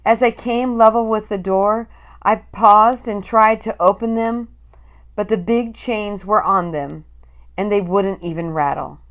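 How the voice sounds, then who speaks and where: A woman reading a storybook aloud, with slow, dramatic, breathless storytelling. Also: medium pitch, fairly even intonation. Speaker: reader.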